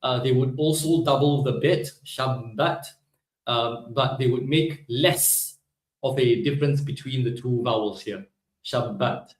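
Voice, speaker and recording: A Hebrew teacher with a mid-range voice leads a live online language class at a moderate pace. He explains things step by step, peppering his speech with "right?" to check in. The sound is roomy and the recording rough.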